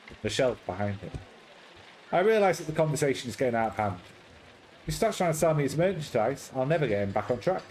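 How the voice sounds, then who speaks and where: A man's voice: mid-range voice, very animated, quick pace, a little mellow, slight background noise, poor audio. A man hosting a playthrough, reading a story game aloud with wry, playful asides. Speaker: let's play host.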